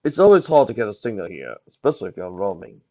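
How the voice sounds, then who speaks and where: A man voicing an adult parent who gives travel advice in a loud, matter-of-fact way in a fan fiction reading. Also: fairly low pitch, sing-song, fast. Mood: advising. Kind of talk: fan fiction read aloud. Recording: dull lo-fi recording.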